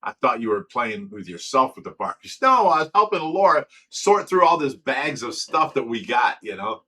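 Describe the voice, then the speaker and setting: A man's voice: medium pitch, very animated, normal speed, bright, forceful tone, a little hiss or hum, low-quality recording. An older man and grandfather hosting a casual livestream, chatting loosely and reading viewer comments aloud with frequent laughs. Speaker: livestream host.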